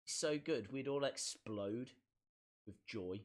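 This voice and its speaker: A man hosting a live stream, reacting to a wrestling show in excitable, chatty, self-mocking commentary. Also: mid-range voice, slow.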